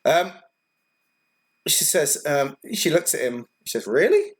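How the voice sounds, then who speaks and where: A man running a tabletop game, halting and laughing. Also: on the high side, fairly bright tone, slight background noise. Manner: halting, full of ums and laughs. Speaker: game master.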